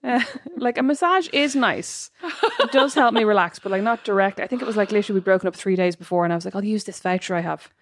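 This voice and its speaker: A woman's voice: medium pitch, quick pace, dry recording, clean studio sound. A woman co-hosting a podcast in casual chat, laughing and poking fun at herself. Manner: chatty, laughing, self-mocking. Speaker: podcast co-host.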